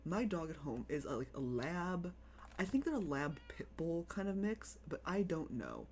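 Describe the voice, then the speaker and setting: A live streamer chatting casually over gameplay, excitable, repeating phrases and cooing over pets. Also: mid-range voice, moderate pace.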